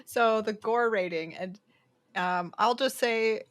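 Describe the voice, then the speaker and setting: A woman's voice: on the high side, takes it slowly. A woman co-hosting a casual podcast, playful and giggly, rambling through her thoughts. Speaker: podcast co-host.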